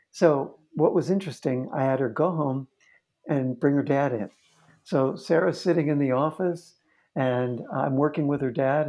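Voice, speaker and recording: This man's voice sits on the high side and sounds a little mellow. He's a therapist recounting a case in conversation, telling it earnestly and vividly while often restarting his sentences.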